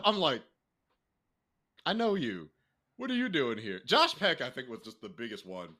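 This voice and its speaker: A young man co-hosting a casual podcast, talking freely with swearing and laughter, jumping into a high excited voice. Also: normal speed, pauses often. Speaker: podcast co-host. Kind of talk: casual chat.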